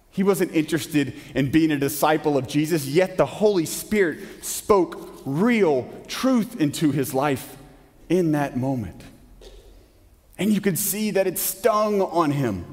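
A man preaching a sermon as pastor in a church, emphatic, asking rhetorical questions and dropping suddenly to a hush. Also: fairly high pitch. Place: church sanctuary. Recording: long hall reverb.

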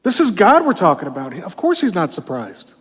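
This pastor talks fairly quickly in a slightly rough voice that's notably high for a man. His sermon is relaxed and conversational, full of "you know," and it echoes with the long reverb of a big sanctuary.

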